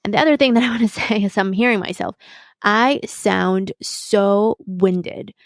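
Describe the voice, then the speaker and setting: A woman hosts her own podcast, thinking aloud in a measured, reflective way. She slips Spanish words into her English sentences. Her voice sits in the middle of the range and sounds dry and close. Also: mid-range voice, no room sound. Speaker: podcast host. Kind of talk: reflective solo podcast talk.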